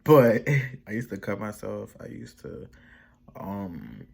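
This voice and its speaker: A man's voice: fairly low pitch, sing-song, takes it slowly, creaky, darkish tone, breathy edge. A young man casually telling a personal story for his vlog, rambling with slang and restarts and quoting his family in their own voices. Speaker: vlogger.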